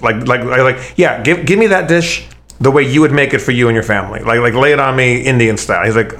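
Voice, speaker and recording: A man's voice: medium pitch, fast talker, fairly bright tone. A man in casual chat, rambling with many restarts and swearing freely as he tells food stories.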